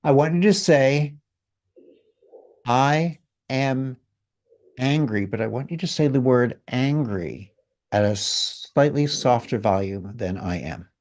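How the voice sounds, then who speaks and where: Man calmly coaching an exercise. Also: medium pitch, measured pace. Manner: calm, coaching, gently directive. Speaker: guest healer leading an exercise. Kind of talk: guided exercise in conversation.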